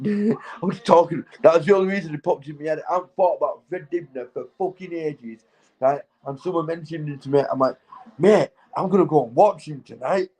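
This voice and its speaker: Speaking fairly quickly in a fairly high, slightly mellow voice, this livestream host from Keighley, Yorkshire, England, has a Yorkshire accent. Stoned and tipsy, he rambles, swears and laughs while chatting casually with viewers, all on a low-quality recording.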